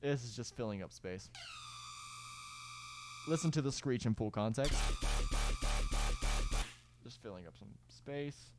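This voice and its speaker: A man's voice: medium pitch, lively intonation, measured pace, long pauses. Rambling young man explaining a music project. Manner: rambling, self-correcting, fillers and sung beat sounds. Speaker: music producer giving a tutorial. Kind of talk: casual screen-recorded tutorial. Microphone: clip-on mic.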